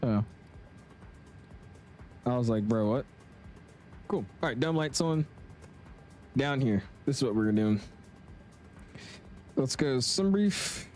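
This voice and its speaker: A man's voice: mid-range voice, animated, takes it slowly, long pauses, darkish tone, faint music behind. Laid-back young man streaming a flight sim. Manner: laid-back, chatty, slangy, reads chat aloud. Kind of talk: casual live-stream commentary.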